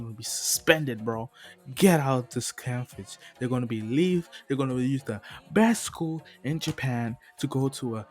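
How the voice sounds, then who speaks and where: A man puts on a stern, worn-out male teacher from an anime retelling, blunt and dry, barely shifting from his own easygoing voice. He talks slowly, with a plain middle pitch, and sounds like he is scolding a class. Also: lightly acted.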